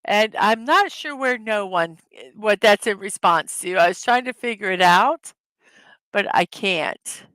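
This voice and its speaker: A woman's voice: mid-range voice, animated, measured pace, fairly bright tone, no echo. A middle-aged woman hosting a casual livestream, giggling as she reads viewers' jokes aloud. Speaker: livestream host.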